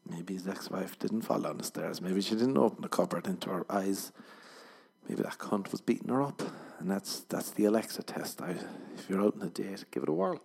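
A man, hosting a podcast and riffing through a deadpan comic monologue that jumps into loud mock voices. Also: sits low, normal speed, gravelly, breathy edge. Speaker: podcast host.

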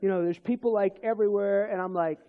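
Man, high voice, minister telling his testimony, rambling, restarts, chuckles, dull lo-fi sound. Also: steady tone, quick pace. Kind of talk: personal testimony in conversation.

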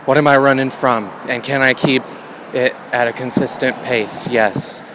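A male comedian talking in a wry, meandering deadpan right after a run, a little winded, outdoors by a road. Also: medium pitch, moderate pace, background noise. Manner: wry, meandering, jokey asides. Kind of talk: rambling deadpan monologue.

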